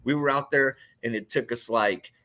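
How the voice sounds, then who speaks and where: A man who guides fishing trips, talking in a relaxed, halting way and sharing a story from the water. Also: mid-range voice. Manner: relaxed, hesitant with fillers. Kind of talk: casual chat.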